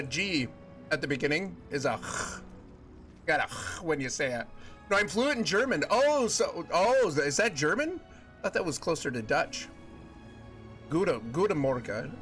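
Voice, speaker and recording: A man's voice: on the high side, big pitch swings, a little slow, fairly bright tone, soft background music. A man streaming a video game live, joking with his chat and laughing often. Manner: jokey, laughs often, chats with viewers.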